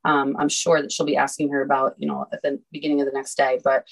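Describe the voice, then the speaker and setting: A woman lawyer, a guest on a podcast, explaining things in a measured, conversational way. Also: extremely low pitch, little pitch movement, vocal fry, poor audio. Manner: measured, explanatory, with frequent "you know" fillers. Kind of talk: casual interview conversation.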